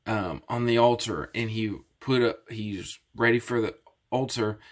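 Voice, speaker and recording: A man at an average pitch retells a Bible story as a lesson. He explains things plainly and often restarts his sentences. His delivery is relaxed and conversational. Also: measured pace. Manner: casual and explanatory, with many restarts. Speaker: Bible teacher.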